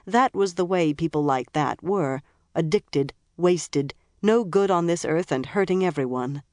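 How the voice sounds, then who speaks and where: An audiobook narrator telling a gritty crime story in a steady, wry voice at a middling pitch. The read is dry and close, with no room around it. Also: measured pace, no echo. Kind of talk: scripted narration.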